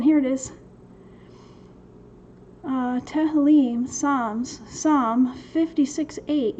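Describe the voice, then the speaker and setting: Woman host of a livestream Q&A, high-pitched and unhurried, answers chat questions with lots of laughter over a dull, faintly noisy computer mic. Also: mellow. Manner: laughs often, reads chat questions aloud. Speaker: host of a Bible study Q&A. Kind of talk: livestream Q&A teaching. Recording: slightly dull sound with faint noise.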